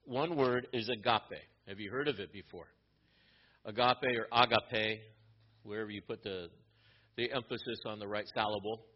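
A man's voice: lowish voice, fairly quick, muffled recording. A male pastor giving an explanatory sermon, teaching from a Bible letter with frequent restarts.

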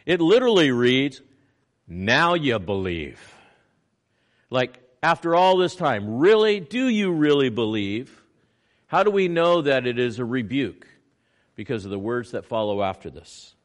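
A man preaching a sermon, animated, acting out little scenes in quoted voices. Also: normal speed. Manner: animated preaching with swings in pitch and loudness. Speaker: pastor.

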